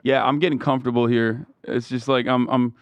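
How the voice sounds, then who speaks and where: A man in casual podcast chat, talking excitedly and profanely, his pitch jumping up when he gets worked up. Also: a little fast, no echo, muffled recording. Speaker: podcast co-host.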